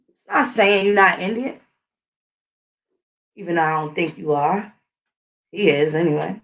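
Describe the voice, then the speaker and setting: A woman's voice: lowish voice, measured pace, long pauses, far from the mic. A middle-aged woman hosting her own channel, talking in a blunt, combative, profane casual rant. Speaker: channel host. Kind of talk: casual ranting monologue.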